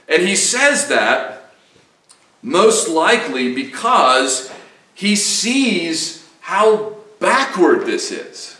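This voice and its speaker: A man's voice: high voice, big pitch swings, drawn-out words, pushed and bright. A man with a Southern US accent preaching an earnest, emphatic sermon as pastor, often repeating phrases for weight. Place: church sanctuary. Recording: echoey church sanctuary, voice from a distance.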